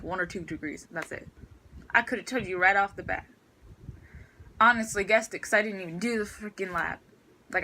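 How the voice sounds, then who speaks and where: A woman's voice: medium pitch, sharp tone, slight background noise, rough recording. A teenage girl ranting in a storytime vlog about her school day, exasperated and full of fillers. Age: teens. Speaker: student vlogger.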